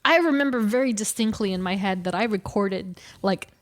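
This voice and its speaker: A woman in her forties co-hosting a casual podcast chat, telling stories animatedly and correcting herself as she goes. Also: mid-range voice. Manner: animated storyteller, quick self-corrections. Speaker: podcast co-host.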